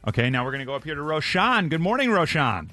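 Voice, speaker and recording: A man hosting a morning radio show, effusive and quick to laugh as he chats with callers. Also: on the high side, very animated, pushed and bright. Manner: bubbly, effusive, laughs often.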